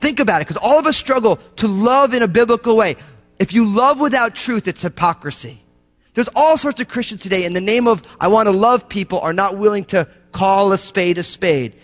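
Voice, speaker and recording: Impassioned high-voiced male preacher, reverberant hall. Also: expressive, a little fast. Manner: impassioned preaching, swinging from loud emphatic lines to hushed low ones. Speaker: pastor. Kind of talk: sermon.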